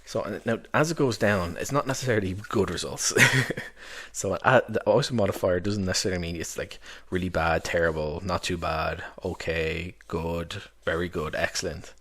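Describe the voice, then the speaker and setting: Deep-voiced man rambling about game books. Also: moderate pace, a bit bright. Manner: chatty, loose, with frequent fillers and chuckles. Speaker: tabletop game master reviewing books. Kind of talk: casual rambling book review.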